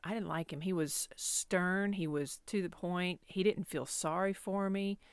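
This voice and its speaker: A woman in her fifties talks through a personal memory in a candid, self-deprecating way, circling back and restarting her sentences. Her voice sits a little low for a woman. It is recorded close and dry, with no room sound. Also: steady tone, a little slow, clear, resonant tone, dry recording. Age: 50s. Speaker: podcast host. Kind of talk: personal storytelling monologue.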